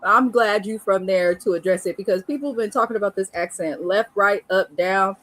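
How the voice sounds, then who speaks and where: A woman's voice: mid-range voice, a little fast, fairly bright tone, low-quality recording. A woman hosting a casual live review chat, talking in a chatty way and laughing often. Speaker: host.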